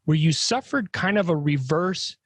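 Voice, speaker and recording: Breathy man interviewer, dry sound. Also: on the high side, animated, moderate pace, no room sound. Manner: probing, checks in with "right?". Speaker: podcast host. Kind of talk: interview questions.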